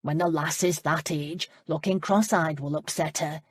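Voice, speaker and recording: Narrator doing a practical older housekeeper, low husky voice, frank and motherly. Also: steady tone, moderate pace, no room sound, clean studio sound. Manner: plain-spoken and frank. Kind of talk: audiobook character voice.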